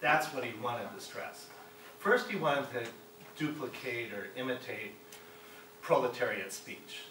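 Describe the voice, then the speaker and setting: A man's voice: medium pitch, animated, a little slow, pushed and bright, slight background noise. A middle-aged man from Chicago giving a classroom lecture as a guest speaker, often checking in with his listeners by asking "right?". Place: college classroom. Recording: echoey room, mic far off.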